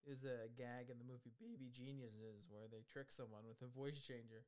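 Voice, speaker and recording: A man's voice: medium pitch, fairly even intonation, normal speed, darkish tone. A young man in casual comedic talk about a movie, laughing often and mocking what the characters say. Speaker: podcast co-host.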